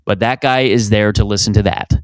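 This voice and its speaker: Canadian man, 30s, low voice, dry close sound, rambling profane self-mocking podcast host. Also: steady tone, a little fast, smooth, no room sound. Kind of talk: solo comedic podcast monologue.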